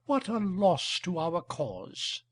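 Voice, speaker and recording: A man's voice: high voice, sing-song, takes it slowly, full character voice. A skeptical baroness, as a man reads her. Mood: earnest. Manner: dry, skeptical remarks. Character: sharp-tongued aristocratic baroness, woman.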